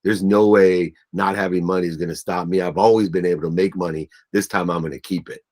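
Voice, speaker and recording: Speaking fast in a fairly low voice, a business coach is interviewed as a guest and recounts emotional personal stories. He imitates family members' voices and gets choked up, with a consistently earnest, animated delivery.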